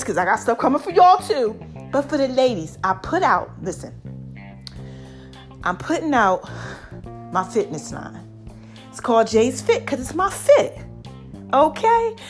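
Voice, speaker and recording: A middle-aged woman chats with her followers in an animated, motivational vlog, repeating catchphrases and laughing often. Her pitch sits high and bounces widely, though allergies make her voice a bit deeper and rougher than usual. Soft music plays faintly in the background.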